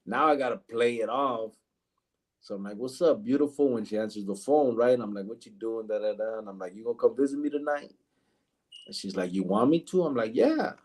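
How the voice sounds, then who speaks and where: Husky low-voiced man telling stories. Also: a little mellow. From Arizona, USA. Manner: swearing, laughing, reading live chat comments aloud. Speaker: podcast host. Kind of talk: casual storytelling chat.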